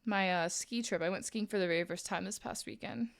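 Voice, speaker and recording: A young woman streamer telling a story in a casual, animated chat, with lots of "like"s while she crafts on a live stream. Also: medium pitch, brisk, gravelly. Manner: chatty, animated, many "like"s, acts out quoted voices. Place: home streaming setup, crafting while talking.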